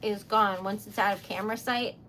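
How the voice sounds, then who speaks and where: A woman's voice: medium pitch, fairly quick, a little hiss or hum. A young woman hosting a crafting livestream, chatting casually, giggling and gushing over her work. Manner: chatty and self-deprecating, giggly, gushes excitedly. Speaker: livestream host making wax seal stickers.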